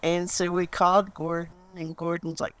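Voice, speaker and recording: A woman's voice: fairly low pitch, level tone, normal speed, clean tone. A woman telling a meandering anecdote as a speaker at a memorial gathering. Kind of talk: storytelling speech.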